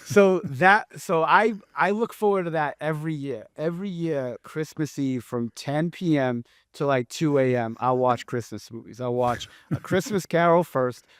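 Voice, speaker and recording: A man's voice: on the high side, moderate pace, smooth, no echo. A man with a slight lisp, co-hosting a podcast in brash, teasing, profane casual chat. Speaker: podcast co-host.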